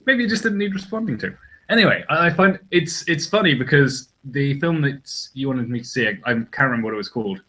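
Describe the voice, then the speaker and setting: A man's voice: medium pitch, fast talker, bright, forceful tone, poor audio. A man co-hosting a casual podcast chat, rambling and hesitant, often restarting his sentences. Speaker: podcast co-host.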